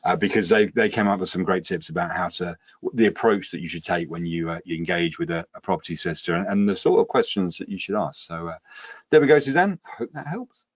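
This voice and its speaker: A deep-voiced man co-hosts a relaxed live show, offering advice and dry little quips. His sound is close and dead, with a muffled lo-fi quality. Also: fast, no room sound. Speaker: podcast co-host. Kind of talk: casual live show chat. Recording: dull, dry lo-fi stream audio.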